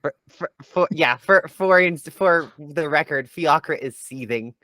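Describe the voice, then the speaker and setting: A man's voice: on the high side, unhurried, sharp tone, no room sound. A man playing a tabletop game, stammering and restarting as he explains. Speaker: player. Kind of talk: casual tabletop game play.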